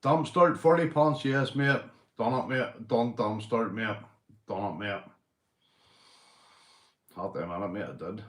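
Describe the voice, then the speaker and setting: This livestream host, a Northern Irish man, is tipsy on beer and rambles along boisterously, with lots of swearing and laughter. His low voice goes a little slowly with long pauses, and the room is echoey.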